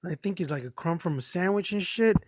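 A man's voice: high-pitched, fairly quick, dry recording, studio quality. A middle-aged man telling stories in a casual, profane podcast chat, laid-back and acting out the people he quotes. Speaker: podcast co-host.

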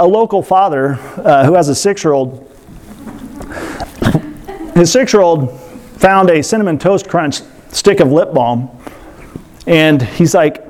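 Guy preaching, kinda high voice, chatty and animated, does funny little voices for quotes. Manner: animated, conversational, acts out quotes with playful voices. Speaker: pastor. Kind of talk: sermon.

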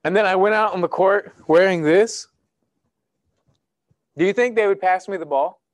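A young man preaches to his church in a lively, conversational way, slipping into quick acted-out exchanges to make his point. His voice sits high for a man. The sound is close and dry, with no room echo. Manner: animated, conversational preaching with sports analogies. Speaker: pastor. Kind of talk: sermon. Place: church sanctuary.

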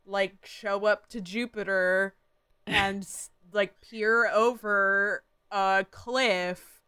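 A woman's voice: medium pitch, fairly even intonation, extremely slow, pushed and bright, clear, resonant tone, no room sound. A woman co-hosting a podcast in casual chat, dreamy and enthusiastic. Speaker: podcast co-host.

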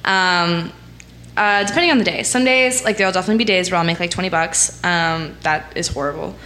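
A woman's voice: lowish voice, fairly quick, bright, forceful tone, slight background noise. A young woman guest in a casual podcast chat, talking loosely with many fillers. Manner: chatty, lots of likes and ums, laughs often.

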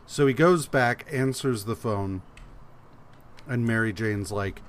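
A slow, unhurried man chats through a comic-book story on a podcast. He swears freely and slips into the characters' lines as he retells. His pitch sits in the middle range. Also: slight background noise. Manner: profane, acts out characters' lines while retelling. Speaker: podcast co-host. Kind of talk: casual comic-book recap chat.

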